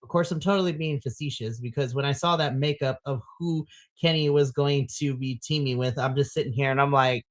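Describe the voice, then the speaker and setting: A woman hosting a wrestling podcast in casual chat, animated and gushing, laughing often. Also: a bass voice, fairly quick, dry recording.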